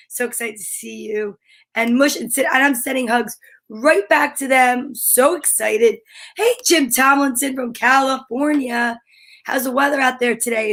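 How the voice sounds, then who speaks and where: A high-pitched woman hosting a casual livestream. She sounds bubbly and eager, chatting with her audience and reading out their greetings. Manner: bubbly and excitable, reads out viewer comments. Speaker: livestream story time host.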